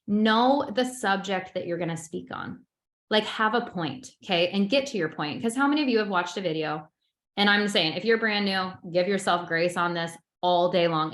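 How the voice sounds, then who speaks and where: A woman coaching a webinar on social media, chatty and excitable, who admits she talks fast. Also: medium pitch, echoey room. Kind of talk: webinar presentation.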